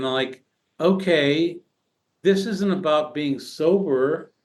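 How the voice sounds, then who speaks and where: Man telling stories in halting bursts. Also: fairly high pitch. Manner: halting, many restarts and fillers, animated retelling. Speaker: podcast guest. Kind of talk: casual storytelling conversation.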